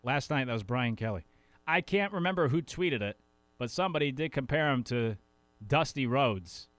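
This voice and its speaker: A man's voice: medium pitch, animated, normal speed, a bit bright. A man hosting a sports talk show in a casual, rambling way, often correcting himself mid-sentence. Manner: chatty, rambling, self-correcting.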